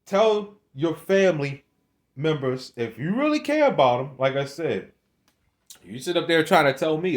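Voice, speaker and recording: This religious video maker has a mid-range, expressive voice at normal speed. He rants rambling to camera, scolding his audience, cursing, laughing between points and starting his phrases over.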